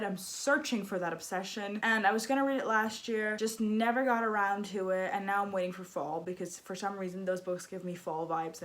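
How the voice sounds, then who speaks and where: A woman's voice: mid-range voice, a bit bright. A young woman vlogging about books in a casual, gushing, self-mocking way. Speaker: book vlogger. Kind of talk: casual chat.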